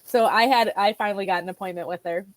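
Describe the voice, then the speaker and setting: A woman guest telling her own health story in a chatty, animated way, often restarting her sentences. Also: medium pitch, quick pace. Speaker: guest, nutritional therapy practitioner. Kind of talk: conversational personal storytelling.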